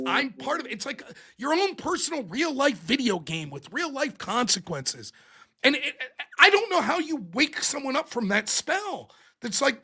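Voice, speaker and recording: A man hosting a live-streamed political commentary show, ranting in an exasperated, animated and profane way. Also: high-pitched, husky. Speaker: livestream political commentary host.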